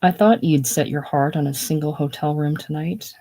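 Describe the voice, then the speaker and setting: Brief: reader doing a proud, touchy man, defensive and snappish, in a play read-through, mid pitch. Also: fairly even intonation, normal speed, mellow, lightly acted. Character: touchy, prideful shaken man. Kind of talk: casual solo play reading.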